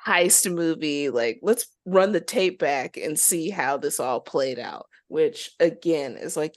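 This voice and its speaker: A woman's voice: low-pitched, no room sound, clean studio sound. A woman co-hosting a podcast, chatting casually and sarcastically about a film, laughing often. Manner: laughing, sarcastic, drawn-out emphasis. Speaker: podcast co-host. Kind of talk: casual chat reviewing a film.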